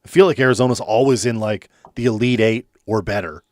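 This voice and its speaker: Co-host type, a man with a lowish voice, loose and joking, dry close recording. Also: fairly quick, no room sound. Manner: loose, joking, filler-heavy. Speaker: sports show co-host. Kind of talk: casual sports chat.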